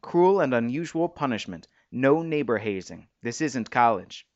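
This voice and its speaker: A man voicing a cheerful young wife, speaking higher and livelier than his own voice, on a dull recording. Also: expressive, moderate pace, dry recording, natural voice. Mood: amused.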